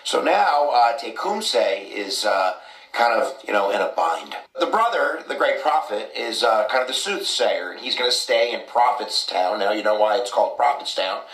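A man's voice: fairly low pitch, sing-song, normal speed, fairly bright tone, distant mic. A man explaining history casually, with many fillers like "kind of" and "you know". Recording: echoey clip from off-mic.

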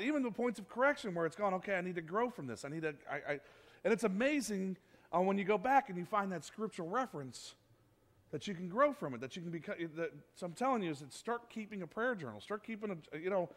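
Guy pastor preaching in church, pretty high voice, chatty and lively, acts out little quotes. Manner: conversational, animated preaching with acted-out quotes. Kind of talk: sermon.

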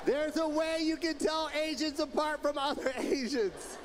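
A male stand-up comedian performing a set with energy, shouting his punchlines and laughing along. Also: very high-pitched, fairly even intonation, unhurried. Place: comedy stage. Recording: noisy stage recording with crowd.

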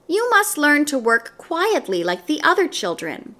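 A woman's voice: high-pitched, sing-song, unhurried, pushed and bright, voice pushed up, exaggerated voice. A woman reading a storybook aloud, voicing a strict teacher who scolds a pupil for talking. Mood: scolding. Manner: stern, scolding.

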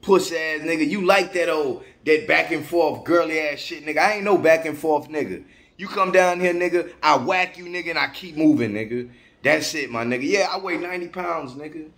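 A man's voice: a little high, brisk, a bit bright. A man in his forties, a travel vlogger, ranting straight to camera in a confrontational, heavily profane way. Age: 40s. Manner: confrontational, profane, heavy repeated slang. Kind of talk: angry direct-to-camera rant.

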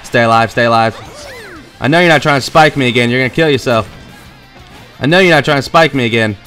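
A man giving excitable, profane gameplay commentary, trash-talking and yelling at the screen. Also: medium pitch, quick pace, soft background music. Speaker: gaming channel host.

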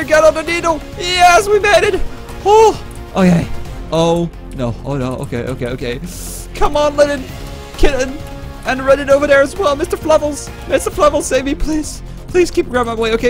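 A man's voice: very high-pitched, fairly quick, over music. A man giving gameplay commentary as a YouTuber, panicky and stammering. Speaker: gaming YouTuber.

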